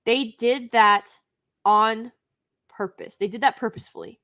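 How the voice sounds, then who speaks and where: A woman's voice: a little high, fairly even intonation, a little slow, pushed and bright. A woman hosting a live stream, giving an unscripted review in an indignant, emphatic way, with sighs and restarts.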